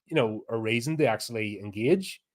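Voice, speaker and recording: A man's voice: medium pitch, a little fast. A man with a Northern Irish accent, co-hosting a podcast and ranting bluntly in casual chat, with the odd swear word. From Northern Ireland. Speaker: podcast co-host.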